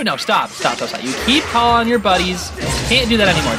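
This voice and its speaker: A gaming channel host giving excitable, rambling let's-play commentary with frequent laughs. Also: medium pitch, quick pace, music in the background.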